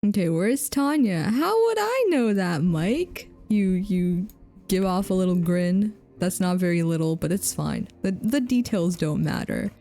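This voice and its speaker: Woman streamer for game commentary, playful, laughs a lot, slow and mellow delivery. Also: fairly low pitch, expressive, soft background music. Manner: playful, laughs often, talks to viewers.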